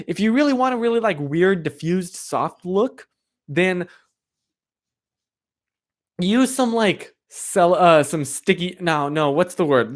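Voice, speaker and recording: A man live-streaming from a chilly room, chatting casually and rambling with plenty of "like" fillers while answering his viewers. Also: high-pitched. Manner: answers viewer chat directly. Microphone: streaming microphone.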